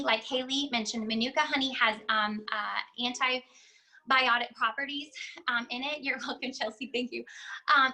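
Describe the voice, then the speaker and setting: Bright, high-voiced woman. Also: low-quality recording. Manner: animated storyteller who acts out quoted dialogue. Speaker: host sharing home remedy testimony. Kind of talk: casual testimony talk.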